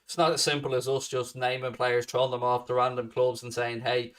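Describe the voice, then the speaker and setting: A man's voice: mid-range voice, flat delivery, brisk, fairly bright tone, far from the mic. A man hosting a fan channel, answering viewer questions in a blunt, sweary, casual chat.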